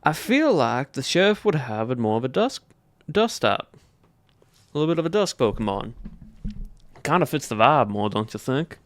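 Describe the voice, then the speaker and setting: A man's voice: mid-range voice, big pitch swings, moderate pace, pauses often, no room sound. A man with a Southern US accent, chatting casually with his livestream viewers and thinking aloud as he polls them. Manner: chatty, thinking aloud while polling chat. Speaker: streamer.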